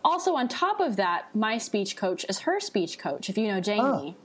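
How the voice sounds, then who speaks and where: A woman's voice: medium pitch, very animated, normal speed, a bit bright, slightly rough. A woman hosting a podcast, talking in a gushing, enthusiastic way with her guest. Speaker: podcast host. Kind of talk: casual conversational interview.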